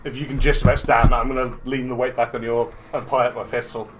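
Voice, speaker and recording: A man's voice: mid-range voice, level tone, quick pace, slight background noise. A man playing a tabletop game, talking casually and a little hesitantly. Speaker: player.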